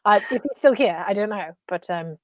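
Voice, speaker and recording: A woman's voice: mid-range voice, normal speed, darkish tone, no room sound. A woman hosting a casual chat, talking in a rambling, giggly way. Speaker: host. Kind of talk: casual chat on a live stream.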